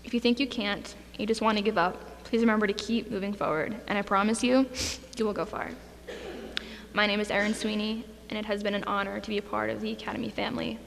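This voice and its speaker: A woman's voice: medium pitch, flat delivery, fast talker, gravelly, a bit bright. A young woman, a graduating student, giving a heartfelt speech and fighting back tears at a school ceremony. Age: young adult. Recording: echoey hall, faint noise.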